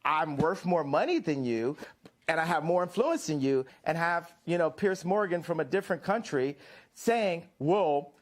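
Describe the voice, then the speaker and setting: An American man answers an interviewer in a rambling, insistent way, often cutting across him. His voice sits a little high for a man. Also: expressive, normal speed. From United States. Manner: insistent, rambling, talks over the host. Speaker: interview guest. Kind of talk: combative interview talk.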